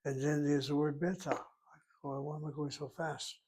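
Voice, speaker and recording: A man with a fairly high voice gives a methodical classroom lecture. He goes over each word more than once, breaking it into syllables for his students. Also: little pitch movement, moderate pace, a little mellow, breathy edge. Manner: methodical, repeats words and breaks them into syllables. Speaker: Hebrew teacher.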